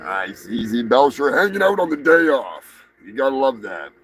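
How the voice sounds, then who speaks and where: A man hosting a live show, ranting crudely and swearing constantly, with bursts of shouting. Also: medium pitch, very animated, moderate pace. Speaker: show host. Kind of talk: profane live-stream rant.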